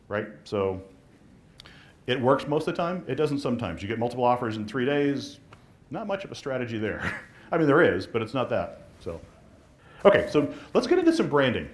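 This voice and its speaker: A man teaching a live real estate marketing class, fast and animated, acting out dialogue with clients and agents. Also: mid-range voice.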